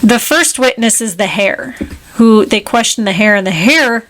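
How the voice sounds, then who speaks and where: A woman co-hosting a podcast, retelling a film plot in casual chat with animated, quick asides. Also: on the high side. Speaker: podcast co-host.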